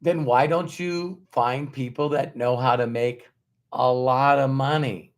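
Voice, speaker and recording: A man's voice: medium pitch, fairly even intonation, a little slow. Emphatic male motivational speaker. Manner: emphatic, repeats words for stress, acts out quoted dialogue; conversational with frequent fillers and rhetorical questions. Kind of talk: motivational talk with storytelling.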